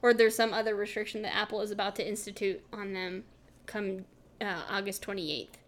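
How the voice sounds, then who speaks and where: A woman co-hosts a podcast, chatting casually and telling lively stories in which she imitates other people with big leaps in pitch. She talks fairly quickly, and there's a little hiss or hum on the recording.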